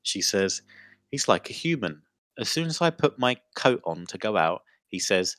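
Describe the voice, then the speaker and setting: A young podcast co-host with a low-sitting voice and big pitch swings reads a funny news story aloud at normal speed in casual chat. He's giggly and keeps breaking into loud laughter, and the sound is dry and clean, studio quality.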